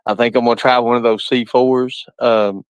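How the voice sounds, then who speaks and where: A man's voice: mid-range voice, fairly even intonation, moderate pace, smooth, no echo. A man chatting on a live stream, laughing constantly and cursing freely. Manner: laughing nonstop, profane. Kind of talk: casual live-stream chat. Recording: dull lo-fi dry sound.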